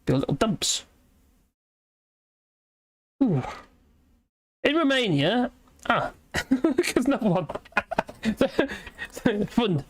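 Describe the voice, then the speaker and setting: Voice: medium pitch, a little hiss or hum. A British livestream host chatting in a rambling way, reading viewer comments aloud and laughing often. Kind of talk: rambling live chat.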